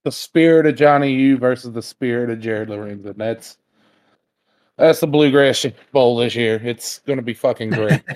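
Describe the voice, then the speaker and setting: A man's voice: medium pitch, moderate pace, darkish tone. A man co-hosting a casual sports podcast, blunt and profane, ranting in exasperation about his teams. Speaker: podcast co-host.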